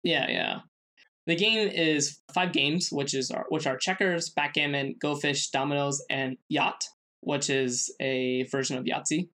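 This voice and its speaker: A man co-hosting a podcast, presenting a researched segment in casual chat, halting with many fillers and restarts. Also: a little high, fairly even intonation, sharp tone. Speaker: podcast co-host.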